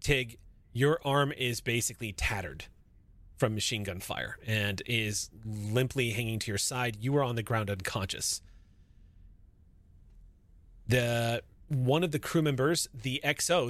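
A man narrating a tabletop sci-fi horror game as game master, explaining rules and scenes in a relaxed way with fillers and restarts. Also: medium pitch, unhurried, no echo.

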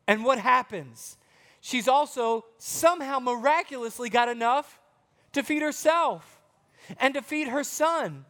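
A man with a very high voice tells a Bible story to a group of children. He keeps it chatty and playful and speaks straight to the kids as he goes. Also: lively intonation, unhurried, fairly bright tone.

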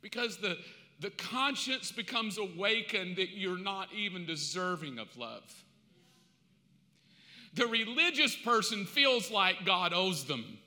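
An older man preaching a sermon as pastor, animated and jokey, and openly confessional. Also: high-pitched, takes it slowly. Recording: echoey church hall.

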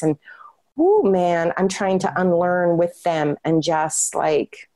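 A woman with a slightly low voice is a guest on a casual podcast. She speaks earnestly and often repeats words to stress a point. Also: fairly even intonation, slow pace, mellow.

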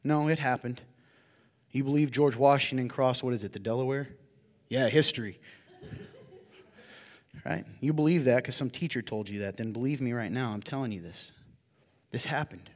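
A male pastor preaching a sermon, moving between hushed storytelling and loud, emphatic appeals to the congregation. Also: mid-range voice, moderate pace, long pauses, big-room sound. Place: church hall.

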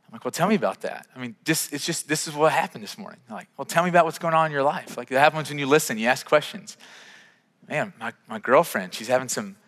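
A man preaching a sermon, telling a personal story with acted dialogue in an animated, self-deprecating way. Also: on the high side. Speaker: pastor. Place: church sanctuary. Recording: reverberant church hall.

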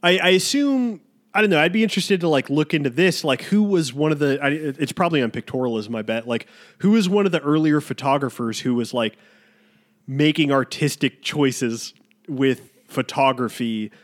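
Young dude cohost, kinda high voice, rambly, swears, acts out quotes. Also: male voice, lively intonation, moderate pace. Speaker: podcast co-host. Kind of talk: casual film podcast chat.

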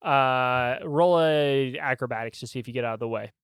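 A game master narrating and running a tabletop role-playing game in a relaxed, unhurried way, laughing easily. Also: medium pitch, clear, resonant tone, no echo, clean studio sound.

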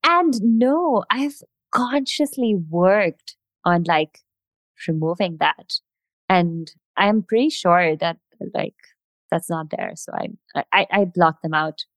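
A woman's voice: on the low side, expressive, slow pace, no echo, clean studio sound. A young woman from India, a singer, chatting thoughtfully and reflectively on a podcast. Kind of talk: casual chat.

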